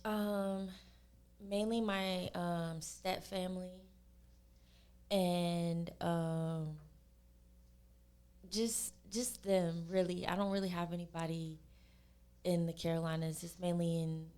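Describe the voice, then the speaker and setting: A young woman from California, a singer being interviewed on a podcast, chatting in a relaxed way and acting out what other people say to her. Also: fairly low pitch, slow, long pauses. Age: young adult. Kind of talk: casual interview chat.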